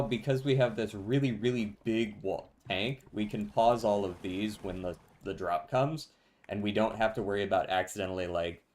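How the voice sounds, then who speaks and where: A man casually commenting on his gameplay to a live chat, relaxed and laughing often. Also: on the low side. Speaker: streamer.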